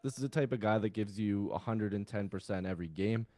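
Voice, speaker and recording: Brief: male guest, laid-back and enthusiastic, fairly low voice, dry mic. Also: quick pace, mellow, no echo. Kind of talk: casual sports chat.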